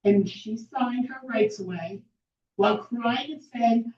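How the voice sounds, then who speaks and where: A woman's voice: fairly high pitch, takes it slowly, a little mellow. A woman giving a persuasive presentation at a meeting, emphatic and fond of rhetorical questions. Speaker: speaker at a political meeting. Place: meeting hall. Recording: echoey room from far off, dull lo-fi.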